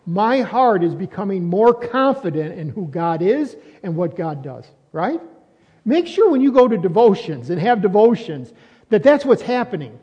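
A pastor preaching with a high voice, talking to his congregation in a loose, conversational way and throwing in rhetorical questions. His voice rings out with a long reverb, and the audio is muffled. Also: sing-song, moderate pace, darkish tone, husky. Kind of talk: sermon.

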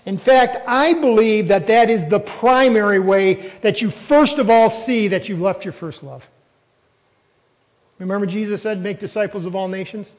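A man's voice: high-pitched, normal speed, big-room sound, rough recording. A man preaching a sermon as a pastor, emphatic and throwing questions at the congregation.

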